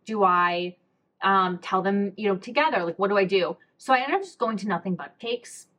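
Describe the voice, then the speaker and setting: Expressive and a bit bright, this young woman speaks in a mid-range voice at a moderate pace. Hosting a podcast, she tells a personal story casually and candidly, full of swearing and frequent "like"s.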